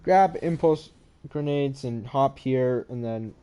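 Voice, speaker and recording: On a headset microphone, a young man who runs a gaming channel slowly talks through his own game maps in a smooth, dark, mid-range voice. The walkthrough is casual and meandering, full of sleepy yawns and apologies.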